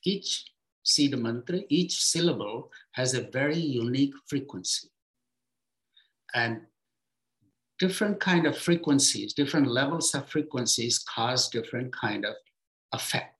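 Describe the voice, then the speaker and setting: A man in a mid-pitched voice gives an unhurried spiritual teaching. He explains patiently and lets his phrases sink low and quiet at their ends. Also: animated. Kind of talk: reflective spiritual talk.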